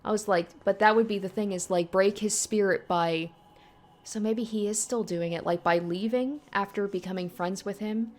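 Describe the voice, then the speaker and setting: A woman's voice: mid-range voice, moderate pace. A woman casually reacting and thinking aloud while she plays through a story game, chatty and easily surprised. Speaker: let's play host.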